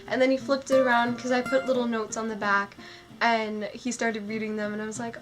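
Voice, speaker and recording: A young woman vlogger telling a story in a gushing, excitable way, full of "like" fillers. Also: on the high side, brisk. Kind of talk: storytelling vlog. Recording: music playing under the voice.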